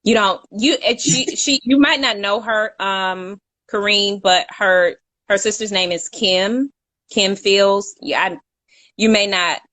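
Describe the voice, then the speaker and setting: A woman's voice: mid-range voice, takes it slowly, fairly bright tone, dry recording. A young woman co-hosting a casual live chat, talkative and laughing, reading out viewer comments. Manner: chatty, laughs often, reads out viewer comments. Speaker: co-host.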